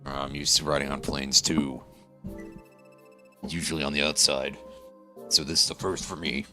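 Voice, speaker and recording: A man voicing a gruff soldier in a low, steady tone, reading game dialogue aloud. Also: moderate pace, music in the background.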